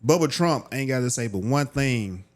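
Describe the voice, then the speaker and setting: A man with a Southern US accent in casual podcast banter, joking and laughing loudly. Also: mid-range voice, animated, normal speed. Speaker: podcast co-host.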